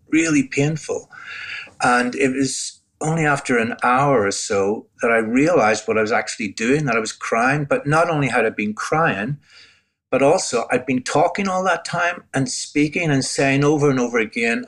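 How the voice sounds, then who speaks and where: Older man, Northern Irish accent, earnest reflective storyteller, interview guest, mid-pitched voice. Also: normal speed, a bit bright. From Northern Ireland. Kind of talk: personal testimony in conversation.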